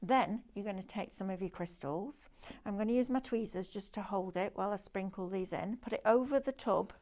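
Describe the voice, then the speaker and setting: A woman's voice: medium pitch, fairly quick, darkish tone. A woman presenting a live craft shopping demo, chatty and enthusiastic as she shows off the products. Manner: chatty, enthusiastic, sales patter with demonstrations.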